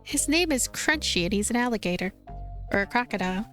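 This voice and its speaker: Chatty gamer woman commenting as she plays, fairly high voice, faint game music behind. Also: animated, fairly quick, fairly bright tone. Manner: chatty, amused. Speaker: let's play host. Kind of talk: casual gameplay commentary.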